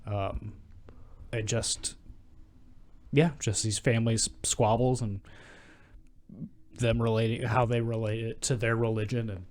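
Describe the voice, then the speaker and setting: A man with a mid-range voice chats casually on a podcast. He retells movie scenes, slipping into quick quoted lines with loose, easy energy. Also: medium pitch, flat delivery, a little mellow. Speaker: podcast co-host.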